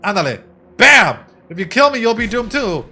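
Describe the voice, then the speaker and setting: A man's voice: high voice, very animated, moderate pace, sharp tone, breathy edge, voice pushed up, heavily acted. A man voicing a grand, condescending mystic fortune-teller in a game, speaking dramatically. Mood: grandly mystical. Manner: dramatic, condescending, calls others darling.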